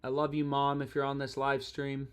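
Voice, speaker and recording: A young man on a live stream talks casually about sports bets, using slang and profanity and rambling from one thought to the next. He sounds annoyed, yet his medium-pitched voice is completely flat, with a moderate pace and a clean tone.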